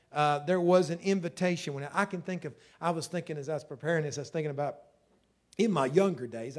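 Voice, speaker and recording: A male pastor preaching a sermon with passion, dropping low and then rising loud. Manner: impassioned, swings from soft to loud.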